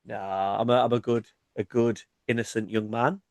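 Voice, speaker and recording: Joking man, mid-pitched. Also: steady tone, normal speed, no room sound, studio quality. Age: 30s. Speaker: podcast co-host. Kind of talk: casual banter.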